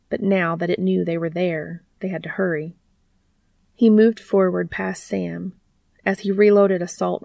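Woman reading fanfic out loud, kinda low and gravelly, dry close sound. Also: dry recording. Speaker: narrator. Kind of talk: reading fan fiction aloud.

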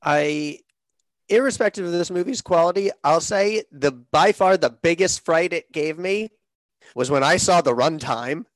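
A man's voice: on the high side, a little slow, no room sound, poor audio. Wry, joking man co-host. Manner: wry, jokey, acts out imagined dialogue. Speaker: co-host, comic book writer. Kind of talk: casual chat.

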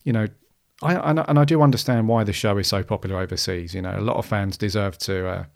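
A podcast host with a fairly low voice, talking loosely and circling back on himself. He fills his sentences with ums and restarts as he thinks aloud. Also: fast talker, vocal fry. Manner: rambling, many restarts and fillers. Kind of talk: casual podcast monologue.

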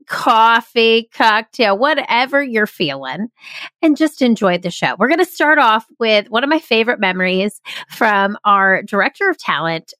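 A woman hosting a company video, introducing stories with enthusiastic, drawn-out delivery. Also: medium pitch, fairly bright tone, clear, resonant tone, no room sound, studio quality. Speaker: host and company founder.

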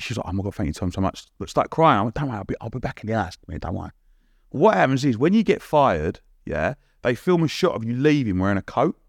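Animated man telling stories. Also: mid-range voice, no echo, clean studio sound. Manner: rapid, animated, lots of restarts and acted-out quotes. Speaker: podcast guest. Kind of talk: casual storytelling.

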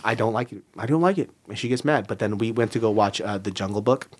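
A man guest on a comedy podcast, telling animated stories with bursts of laughter and casual swearing. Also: fairly low pitch, fast talker. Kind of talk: casual chat.

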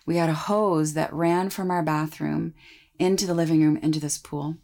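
A woman's voice: sits low, steady tone, moderate pace, gravelly, mellow. A woman guest on a podcast telling a personal story in a plain, matter-of-fact way.

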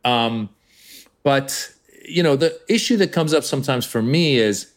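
A man's voice: mid-range voice, a little slow. A man in his fifties from Iran, a comedian guest on a podcast, telling stories animatedly and slipping into voices. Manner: animated storyteller, jumps into voices. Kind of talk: podcast interview.

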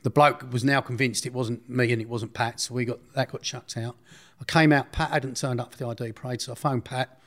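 A man's voice: mid-range voice, steady tone, a little fast. A man recounting a personal story in an interview, blunt and slangy, often restarting his sentences.

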